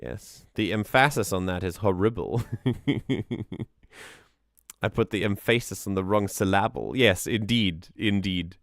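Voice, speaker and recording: Man, fairly low voice, casual stream music analysis, excitable, rambling, dry recording. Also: a little slow, no room sound. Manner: enthusiastic, rambling, frequent restarts. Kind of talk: casual livestream commentary.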